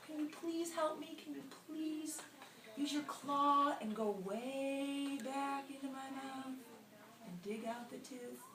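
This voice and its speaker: A woman voicing a weeping male alligator with a toothache, pleading in a whiny, breathy way. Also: sits high, takes it slowly, crowd noise, voice pushed up. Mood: begging. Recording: roomy, distant mic.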